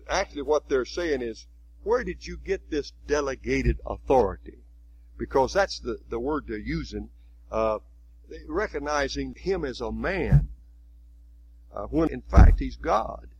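A man's voice: mid-range voice, expressive, a little slow, gravelly, darkish tone, a little hiss or hum, rough recording. A man preaching a sermon in a folksy, conversational way, often adding "you see".

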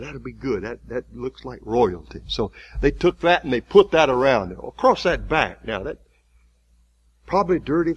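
A man preaching a sermon, retelling a story vividly with halting restarts. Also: mid-range voice, slightly rough, no room sound, dull audio.

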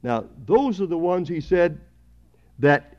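A man preaching a sermon at a church service, emphatic, swelling louder on key words. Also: on the high side, big pitch swings, slow pace. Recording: dull lo-fi sermon recording.

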